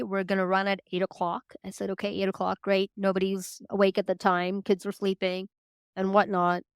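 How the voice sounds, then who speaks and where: A Canadian woman in her forties, a podcast guest telling her story casually, chatty and quick to laugh. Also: medium pitch, clear, resonant tone, dry recording, clean studio sound. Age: 40s. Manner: chatty, laughs often, acts out quoted lines in a lifted voice.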